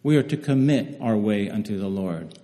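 Measured male preacher in a reverberant hall. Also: lowish voice, expressive, dark tone. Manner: slow, measured scripture reading with restarts. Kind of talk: sermon.

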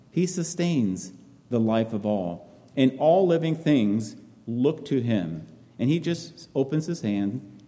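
Male preacher, very dark mellow tone, echoing hall, earnest halting delivery. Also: mid-range voice. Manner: repetitive, halting, earnest phrasing. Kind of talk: sermon, reading and expounding scripture.

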